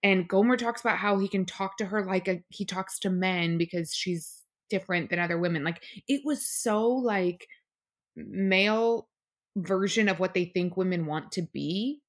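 Young adult woman, mid-pitched, casual podcast co-host, rambling and full of "like". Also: normal speed. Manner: rambling, heavy use of "like". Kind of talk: casual chat.

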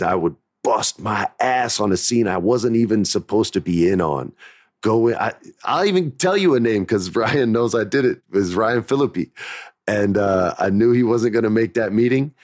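A man's voice: on the low side, lively intonation, normal speed, no echo, studio quality. A man hosting a podcast, telling stories in a candid, emphatic, motivational way. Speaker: podcast host. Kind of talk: casual storytelling podcast.

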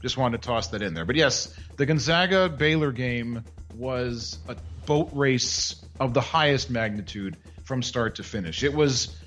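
A man's voice: mid-range voice, lively intonation, measured pace, hardly any pauses, fairly bright tone, faint music behind. A man co-hosting a casual podcast, telling a news story with mocking sarcasm. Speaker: podcast co-host. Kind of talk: casual chat.

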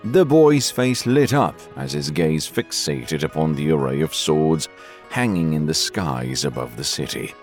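A man narrates an audiobook tale in a very low voice. His pitch rises and falls in a lively way as he tells the story. Soft music plays faintly behind him. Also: measured pace. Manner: expressive storytelling.

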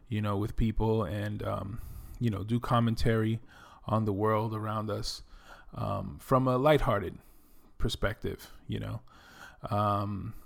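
Middle-aged man, New York accent, gravelly, casual reflective storyteller. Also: fairly low pitch. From the Bronx, New York. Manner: reflective, many fillers like "you know" and "um". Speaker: former Air Force veteran and doctor telling his story. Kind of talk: casual personal monologue.

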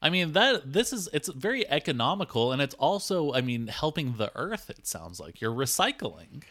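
Male co-host with a bright, forward voice, breezy mock-earnest banter. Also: fairly high pitch, big pitch swings, normal speed. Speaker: podcast co-host and producer. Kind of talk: comedy podcast chat.

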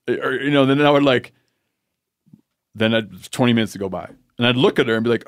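A male podcast host spins a rambling story with playful asides, and his pitch swings in a lively way. His voice is mid-range and sounds dry and close. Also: a little fast, long pauses, no room sound. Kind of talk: casual chat.

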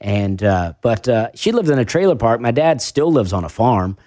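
A man's voice: mid-range voice, big pitch swings, normal speed, dark tone, dry recording, studio quality. A man with a faint Southern accent, a stand-up comedian talking casually on a podcast, rambling and self-deprecating with lots of restarts. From American South.

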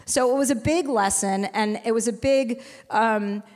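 A woman's voice: on the high side, measured pace, darkish tone. A woman in her forties, talking frankly and with plenty of profanity as a guest on a stage. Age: 40s. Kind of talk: candid live conversation. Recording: long hall reverb.

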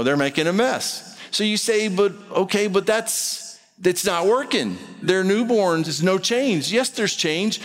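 A man's voice: high-pitched, a bit bright, long reverb tail. A man preaching a sermon to a congregation in a conversational way, acting out quoted voices. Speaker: pastor. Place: church room with a congregation.

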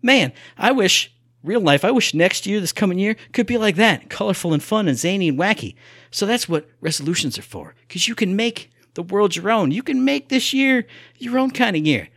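A young man co-hosting a casual gaming podcast, talking in an animated, playful way. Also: high voice, normal speed, no room sound, clean studio sound. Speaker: podcast co-host.

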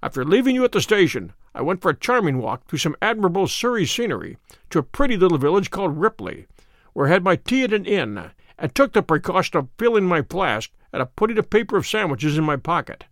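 Sherlock Holmes, brisk and dry, read by a man. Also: sits high, big pitch swings, dry recording. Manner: brisk, dry and self-assured. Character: sharp, wry male detective, brisk and confident. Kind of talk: audiobook character reading.

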